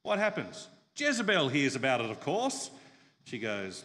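A male pastor preaching a sermon, retelling a story with lively humor and asking the congregation questions. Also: lowish voice, fairly quick, in a large hall, slight background noise.

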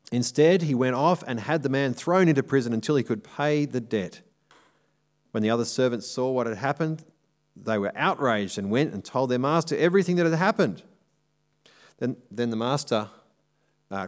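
A man preaching a sermon in a church, explaining a passage step by step and slowing down to drive his points home. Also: medium pitch.

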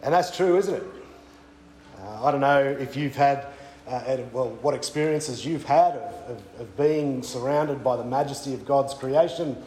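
A man's voice: mid-range voice, a little slow, mellow, echoey room, low-quality recording. An Australian man preaching a sermon at a weekend away, conversational, with frequent fillers and restarts. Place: church weekend away venue.

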